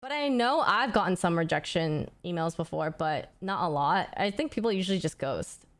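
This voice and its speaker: A woman's voice: lowish voice, lively intonation, normal speed. A young woman streamer in casual chat, rambling and thinking aloud as she answers questions.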